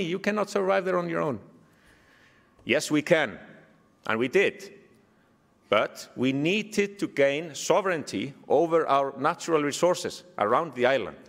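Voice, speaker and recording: A man with an Icelandic accent giving a keynote speech, telling a story with animated humor. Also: a little high. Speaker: keynote speaker. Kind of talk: speech to a summit audience. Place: large hall. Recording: long hall reverb.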